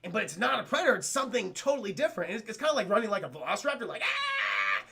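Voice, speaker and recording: Excitable, gravelly-voiced man recapping a film. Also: sits high, racing. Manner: excitable, profane, addresses chat. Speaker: film reviewer streamer. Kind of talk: casual live film recap.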